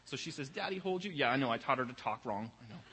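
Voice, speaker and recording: Against a noisy background, a young pastor speaks fast at medium pitch, preaching conversationally in a church sanctuary. He keeps repeating words as he gets his bearings, and the large hall echoes with long reverb.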